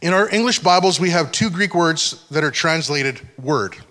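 A pastor giving a conversational sermon, often checking that the congregation is following. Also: male voice, fairly high pitch, lively intonation, normal speed, sharp tone. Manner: conversational teaching, frequent check-ins with listeners. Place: church hall. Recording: long hall reverb.

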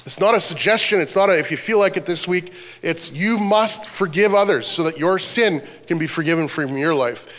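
Male pastor, earnest preacher, a touch high-pitched, echoing church hall. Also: normal speed, hardly any pauses, fairly bright tone. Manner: earnest preaching, reading scripture aloud. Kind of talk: sermon.

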